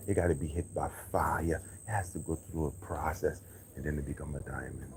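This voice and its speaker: Deep-voiced man riffing on a farm livestream. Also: brisk, a little hiss or hum. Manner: animated, street slang, preachy riffs. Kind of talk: casual livestream rambling. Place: outdoor yard with chickens.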